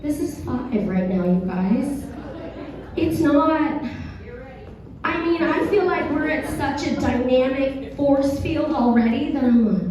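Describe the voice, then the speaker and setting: A hoarse woman comedian doing a stand-up set, talking with the crowd in a self-deprecating, conversational way. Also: high-pitched, takes it slowly, warm tone. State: hoarse, dry throat. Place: theater stage. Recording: echoey theater, far from mic, dull.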